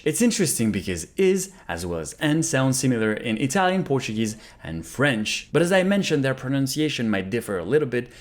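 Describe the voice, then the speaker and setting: A man narrating a casual language lesson, repeating phrases slowly after an app. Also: mid-range voice. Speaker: language learner vlogger. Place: Canada.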